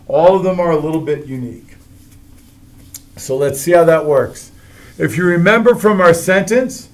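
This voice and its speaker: A man's voice: on the high side, a little mellow. A middle-aged man teaching a Latin grammar lesson, explaining each form step by step and often checking in with "all right?".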